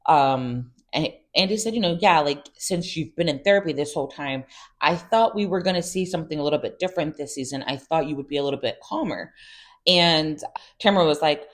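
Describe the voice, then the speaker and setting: A woman's voice: low-pitched, fairly quick. A woman hosting a casual reality TV recap, chatty and sassy with exasperated asides.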